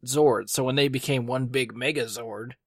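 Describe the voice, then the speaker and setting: A man's voice: mid-range voice, steady tone, moderate pace, no room sound, clean studio sound. A man chatting casually about a movie, agreeable and a little tentative.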